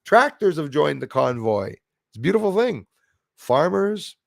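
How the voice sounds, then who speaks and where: Gravelly man chatting live. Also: a little high, big pitch swings, measured pace, no echo, clean studio sound. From Canada. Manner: rambling, blunt, greets viewers by name. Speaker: livestream host reading chat. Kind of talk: casual live-stream chat.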